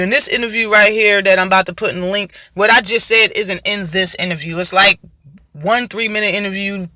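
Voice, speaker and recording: A man's voice: sits high, sharp tone, no echo, clean studio sound. A man hosting his own show, giving casual, heated commentary on boxing with a profane, mocking manner.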